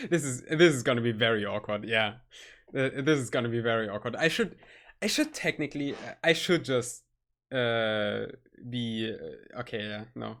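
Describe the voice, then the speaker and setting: A man with a German accent, a native German speaker, chatting casually on a stream, halting and searching for his words. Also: mid-range voice, lively intonation, a bit bright. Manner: halting, searching for words, nervous self-conscious laughs.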